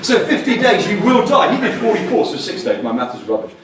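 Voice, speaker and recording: A man giving a lively, jokey, blunt conference talk on communication, bursting out loudly now and then. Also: high voice, fast, crowd noise. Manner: animated, jokey and blunt, with sudden loud bursts. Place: large conference hall. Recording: distant echoey hall recording with faint noise.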